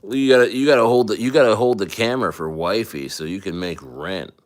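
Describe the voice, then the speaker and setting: Low-voiced rambling male streamer. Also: a little fast. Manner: loose, rambling, joking, many restarts. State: tipsy from wine. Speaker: crypto livestreamer. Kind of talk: casual livestream chat.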